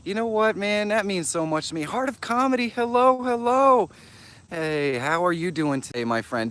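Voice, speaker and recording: Guy doing a live stream on a walk outside, kinda out of breath, super excited shouting out viewers, average pitch. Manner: enthusiastic, greets viewers by name, jumps in pitch. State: a little out of breath. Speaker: livestream host. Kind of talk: casual live stream chat. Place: outdoors, walking.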